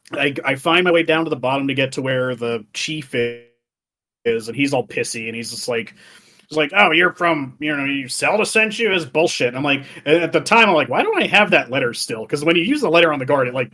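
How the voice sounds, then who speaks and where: Bright-voiced man ranting about a game. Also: mid-range voice. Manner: profane, laughing, acts out game characters in voices. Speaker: podcast co-host. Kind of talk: casual gaming podcast chat.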